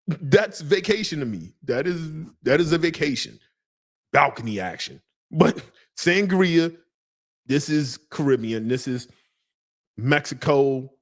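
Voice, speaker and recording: A man reviewing fragrances on a live stream, talking casually in slang with lots of joking asides. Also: fairly high pitch.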